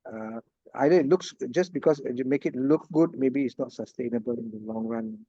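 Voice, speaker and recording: A man's voice: medium pitch, normal speed, mellow, no echo, muffled recording. A man giving a casual online lecture, chatty and laughing often, checking in with his students. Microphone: video call.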